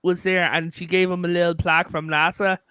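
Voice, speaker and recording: A man hosting a casual podcast, spinning long stories and swearing now and then. His voice is smooth and clear, and it sits a little high. The sound is dry and close. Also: level tone, a little fast, pushed and bright, dry recording. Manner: storytelling, swears, rambling. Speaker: podcast host. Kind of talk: casual chat.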